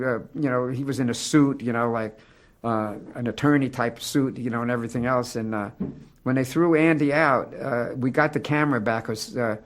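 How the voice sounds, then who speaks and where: A man with a mid-range voice talks through an old memory in a loose, rambling way. His delivery is plain and conversational, as an interviewee looking back. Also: medium pitch. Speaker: interviewee recalling a studio incident. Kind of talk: conversational recollection.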